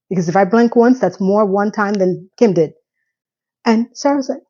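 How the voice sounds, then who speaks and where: A woman's voice: fairly high pitch, moderate pace, warm tone, dull audio. A woman casually recapping a TV episode in a chatty, sarcastic, incredulous way. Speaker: TV recap vlogger.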